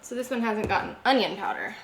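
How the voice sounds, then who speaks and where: A woman's voice: fairly high pitch, sing-song, quick pace, gravelly, reverberant, a little hiss or hum, low-quality recording. A woman vlogging as she cooks at home, chatting casually and talking herself through each step. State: out of breath. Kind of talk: casual cooking narration. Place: home kitchen.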